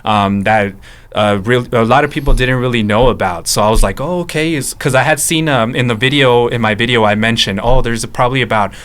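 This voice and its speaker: A man's voice: medium pitch, brisk, fairly bright tone. A young man guesting on a podcast, telling stories with lots of hesitations and fillers. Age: young adult. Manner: hesitant, full of fillers, storytelling. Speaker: guest videographer. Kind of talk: casual podcast conversation.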